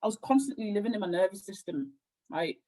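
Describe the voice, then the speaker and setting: A woman talking as a spiritual healer guest on a podcast, rambling and animated as she tells her story. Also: medium pitch, fast talker, low-quality recording. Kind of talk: casual podcast conversation.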